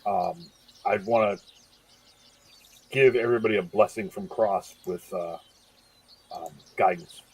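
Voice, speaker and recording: A man's voice: fairly low pitch, unhurried, creaky, pauses often, darkish tone, husky. A man playing a tabletop game, hesitantly asking for a spell and correcting himself. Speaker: player.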